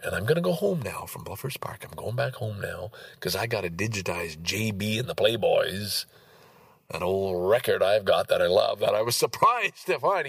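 Man in his sixties, husky, animated delivery with big pitch swings, casual ranting vlogger, dry sound. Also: moderate pace, dry recording. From Canada. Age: 60s. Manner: profane, ranting, swings between loud outbursts and low mutters. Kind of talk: casual rambling monologue. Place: outdoors in a park.

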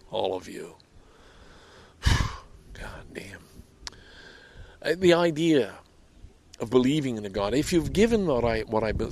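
A man's voice: on the low side, gravelly, a little hiss or hum. A man delivering a rambling, heated monologue outdoors by a lake. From Canada. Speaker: vlogger.

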